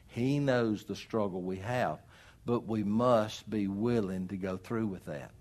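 A middle-aged man preaching a sermon as pastor, swinging between loud emphatic rises and quiet drops. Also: lowish voice, a little slow.

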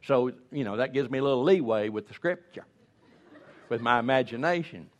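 A man's voice: mid-range voice, expressive, brisk, lo-fi sound. Folksy joking older male preacher. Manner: folksy, joking, rambling with restarts. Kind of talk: humorous storytelling sermon.

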